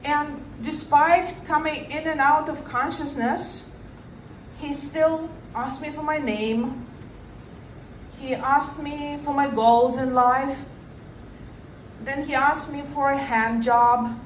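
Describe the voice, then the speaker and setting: A woman in her fifties doing a stand-up comedy set, telling a story in a dry, deadpan way. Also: sits high, slow, slight background noise. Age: 50s. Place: comedy club stage. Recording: roomy live club, mic from a distance, faint ambience.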